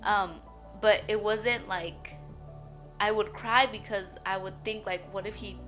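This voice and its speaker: A young woman with a bright, clear voice tells a personal faith story in a rambling, chatty vlog style, peppering it with "you guys" and "like." She sounds shaky and tearful, caught between laughing and crying. Soft music plays faintly behind her. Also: medium pitch, fairly even intonation, measured pace. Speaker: boutique owner sharing a faith testimony. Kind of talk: emotional personal testimony vlog.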